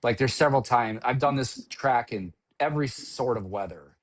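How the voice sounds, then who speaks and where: A man's voice: medium pitch, moderate pace. A middle-aged man, a track-day driver, recounting a crash in casual, rambling conversation with frequent restarts. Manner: rambling, restarts often, storytelling. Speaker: guest driver.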